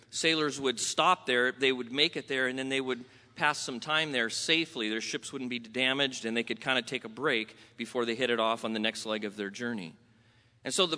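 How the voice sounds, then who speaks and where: A man from Southern California preaching a sermon in a conversational, animated way, questioning the congregation. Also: mid-range voice. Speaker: pastor. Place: church sanctuary. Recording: long hall reverb.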